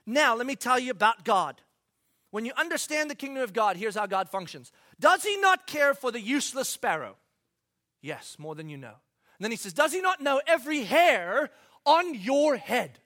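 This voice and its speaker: A male pastor preaching with a high, bright voice that leaps up and drops low. He swings from loud, emphatic bursts to quiet asides and acts out the quotes in his stories. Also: sing-song, normal speed. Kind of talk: sermon.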